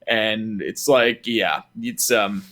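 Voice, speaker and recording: A man's voice: lowish voice, slow, pushed and bright. A man co-hosting a casual sports talk stream, breaking down coaching moves and reading out scores.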